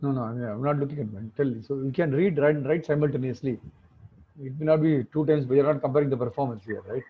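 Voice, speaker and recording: A man's voice: medium pitch, fast, husky. A man teaching an online class, explaining things step by step and often checking with tag questions. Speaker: instructor. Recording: phone-like muffled call audio.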